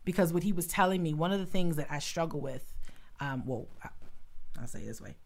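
A woman with a somewhat low voice co-hosts a casual faith conversation. She grows excitable, slides into preacher-like bursts and laughs often. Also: brisk. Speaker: podcast co-host, author and coach.

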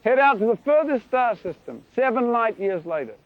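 A man preaching a sermon in an animated, playful way, with sound effects, in a lo-fi recording. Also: very high-pitched, normal speed.

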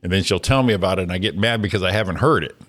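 A man co-hosting a morning show, prodding for details and laughing loudly in casual banter. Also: deep voice, racing, faint music behind.

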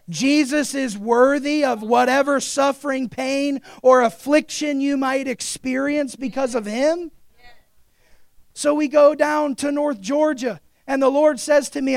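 A man preaches with a high, gravelly voice, recorded close and dry. He builds to loud, urgent exhortation, then drops to a quiet, confessional hush. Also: steady tone, a little slow, dry recording. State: recovering from pneumonia. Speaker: pastor. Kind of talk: sermon.

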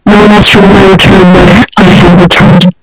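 A woman's voice: mid-range voice, level tone, moderate pace, loud music behind the voice, rough recording. A woman co-hosting a podcast, chatting casually in an easygoing way. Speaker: podcast co-host. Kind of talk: casual chat.

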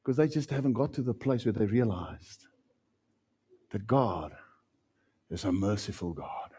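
Husky South African preacher. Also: male voice, on the low side, animated, a little slow. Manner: impassioned preaching, swinging from loud to hushed. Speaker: pastor. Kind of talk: sermon.

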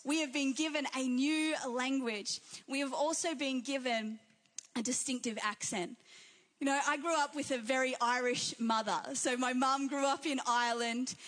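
A woman delivers a church sermon in a high, bright register. She preaches with fervour, stacking repeated phrases into a rising, rhythmic cadence. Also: steady tone, moderate pace. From Australia and New Zealand. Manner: fervent, repetitive preaching cadence.

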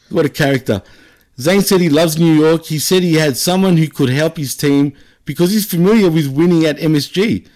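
A man's voice: a little high, darkish tone. A man with an Australian accent, co-hosting a casual wrestling podcast, chatting and laughing a lot. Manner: laughs often, tags lines with "right?". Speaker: podcast co-host. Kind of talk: casual wrestling recap chat.

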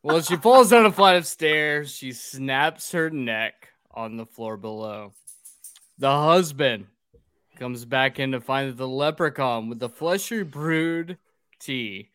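A man's voice: medium pitch, takes it slowly, fairly bright tone, smooth, no room sound. A man hosting a casual drinking podcast, recapping a film plot in a profane, rambling way.

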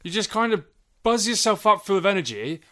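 A man's voice: sits high, big pitch swings, a little fast, a bit bright. A man co-hosting a podcast, chatting and joking in a teasing way. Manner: joking, teasing, puts on silly voices. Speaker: podcast co-host. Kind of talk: casual chat.

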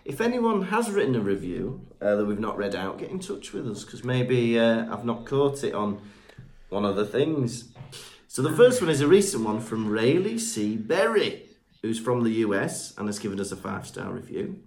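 A chatty British man co-hosting a podcast, reading out listener messages with a very lively, up-and-down voice. He jokes along as he reads and trips over unfamiliar names. His pitch sits in the middle of the male range. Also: moderate pace. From Britain. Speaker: podcast co-host. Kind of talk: casual chat, reading listener reviews.

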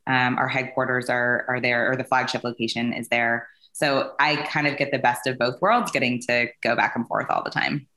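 A woman's voice: rumbling low, steady tone, moderate pace, hardly any pauses, pushed and bright, echoey room. A woman from California, a company CEO, chatting as a podcast guest in a rambling way with many fillers. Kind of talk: casual interview chat.

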